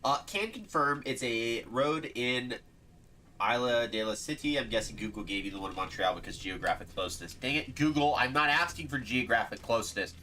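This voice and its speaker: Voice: mid-range voice, expressive, a little fast, pushed and bright. A game streamer giving casual live commentary, playfully exasperated and laughing often.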